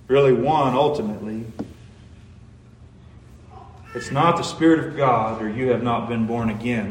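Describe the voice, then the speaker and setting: A man's voice: mid-range voice, slight background noise. A man preaching a sermon, earnest and pleading, pressing each point home with emphasis. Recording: roomy echo.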